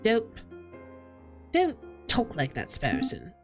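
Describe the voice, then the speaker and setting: A woman voicing a proper, deadpan male falcon lawyer in a visual novel read-aloud. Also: medium pitch, slow, over music, heavily acted. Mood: dry.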